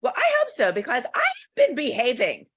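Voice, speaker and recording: Lively wry middle-aged woman co-host. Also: sits high, slightly rough. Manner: quick reactive interjections, wry and joking. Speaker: podcast co-host. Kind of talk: casual chat.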